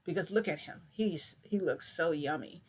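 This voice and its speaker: A woman's voice: low voice, normal speed, breathy edge. Rambling young woman telling a story. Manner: rambling, animated retelling with acted-out quotes and mild swearing. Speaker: vlogger telling a shifting story. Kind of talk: casual storytelling.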